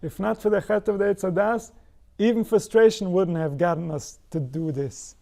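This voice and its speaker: A man's voice: high-pitched, steady tone, moderate pace, gravelly, a little mellow. A man giving a spiritual Torah lecture, posing rhetorical questions and answering them himself. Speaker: spiritual teacher.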